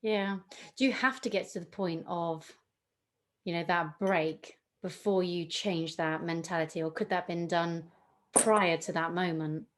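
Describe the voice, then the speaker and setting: A woman hosting an interview, asking gentle probing questions. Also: lowish voice, fairly even intonation, measured pace, slight background noise. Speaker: podcast host.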